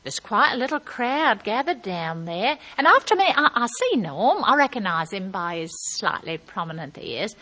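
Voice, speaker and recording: A woman's voice: mid-range voice, big pitch swings, moderate pace, few pauses, sharp tone, low-quality recording. A woman performing a comic character monologue in a chatty, gossipy storytelling manner. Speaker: comedian.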